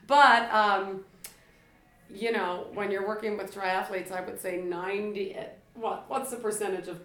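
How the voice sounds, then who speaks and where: A woman's voice: mid-range voice, steady tone, unhurried, fairly bright tone. Chatty woman in an echoey room. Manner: chatty, laughs easily. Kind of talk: casual chat. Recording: echoey room with faint ambience.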